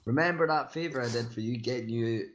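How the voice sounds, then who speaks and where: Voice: medium pitch, fast, noisy background, pitched above the performer's own voice, close to an everyday voice. A man voicing a tough male gang boss who calls in a favour, in a blunt, crude way. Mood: demanding.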